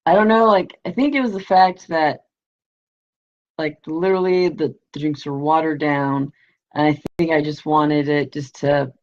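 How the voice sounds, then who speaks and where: In lo-fi livestream audio, a host with a low, gravelly voice tells a story casually. She rambles, peppering it with "you know", "like" and the occasional swear.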